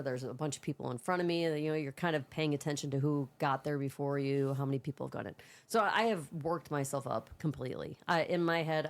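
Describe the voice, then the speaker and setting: Low-voiced long-winded woman storyteller. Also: clear, resonant tone. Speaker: podcast co-host. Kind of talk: casual storytelling chat.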